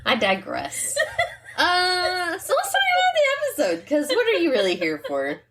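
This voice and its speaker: A woman's voice: very high-pitched, wildly swooping pitch, moderate pace, background noise. A middle-aged woman co-hosting a podcast, chatting casually over wine, rambling off on tangents and laughing at her own jokes. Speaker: podcast co-host.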